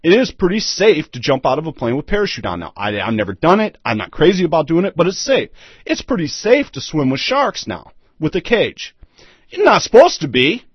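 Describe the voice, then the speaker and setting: Emphatic man in a lively monologue. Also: a little high, brisk, slightly rough, no room sound. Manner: emphatic, repetitive rhetorical questions. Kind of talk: solo opinion monologue. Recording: dull, lo-fi dry sound.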